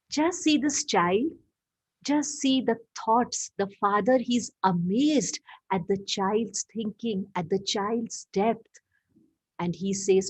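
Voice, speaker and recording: A woman tells a story for children in an expressive, questioning style. She speaks slowly and deliberately at a middle pitch. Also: breathy edge. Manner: expressive, asks the listeners questions.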